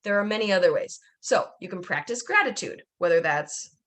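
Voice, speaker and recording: A woman's voice: medium pitch, expressive, a little fast, fairly bright tone. A young woman hosting a podcast from home, talking candidly in a rambling, casual way with many fillers. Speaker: podcast host. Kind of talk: casual chat.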